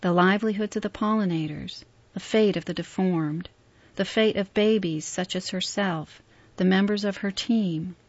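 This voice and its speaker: A woman narrating a story aloud in a steady, measured reading. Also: medium pitch, no echo. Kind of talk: audiobook narration. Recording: dull, dry lo-fi recording.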